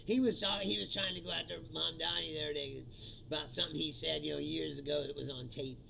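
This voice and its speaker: A man's voice: a little high, steady tone, fast, gravelly, bright, forceful tone, slight background noise. A male comedian in a profane, mocking political rant, often laughing at his own jokes.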